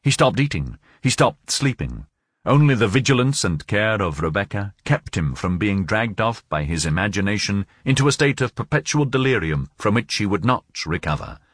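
A man narrating a novel as an audiobook, in a measured, expressive storytelling manner. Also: fairly low pitch, husky, no echo, clean studio sound.

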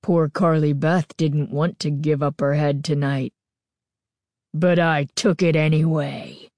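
A woman voicing a menacing masked girl in a deep, throaty rasp, slow and threatening. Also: fairly even intonation, a little mellow, dry recording.

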